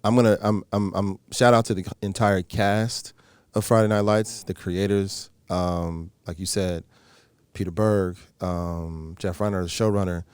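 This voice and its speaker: A man in his thirties, an actor being interviewed, telling stories in an animated way and acting out the people he quotes. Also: low-pitched, a little slow, clear, resonant tone, dry recording. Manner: animated storyteller, acts out quoted exchanges; frequent fillers and restarts. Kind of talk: casual interview talk.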